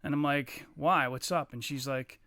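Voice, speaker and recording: A podcast co-host with a higher voice and moderate pace tells a long, profane story in a casual, animated way, mimicking the people in it as he goes. The recording is clean studio sound without room reverb.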